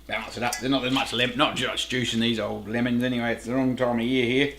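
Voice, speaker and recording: A man's voice: medium pitch, flat delivery, fast, echoey room, noisy background. A middle-aged Australian man hosting a home cooking show, chatting casually to camera, rambling, laughing at himself and swearing lightly.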